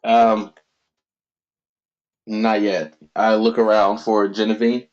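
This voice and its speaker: A man playing a character in a tabletop role-playing game, animated and often laughing. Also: fairly low pitch, slow pace. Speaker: player. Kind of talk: describing his character's actions. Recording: dull lo-fi sound.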